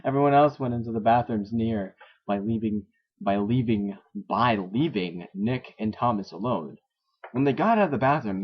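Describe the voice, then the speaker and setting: A man's voice: medium pitch, breathy edge. A man reading a story aloud and mocking it, sarcastic and swearing often in a dull lo-fi recording. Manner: sarcastic, swears a lot, laughs at the text. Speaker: story reader. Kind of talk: mocking read-through of a story.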